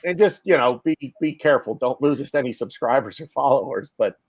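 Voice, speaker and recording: Animated, chatty man on a podcast. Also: mid-range voice, brisk. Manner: animated, laughs easily, loose filler-heavy talk. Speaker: podcast co-host. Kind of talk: casual podcast chat.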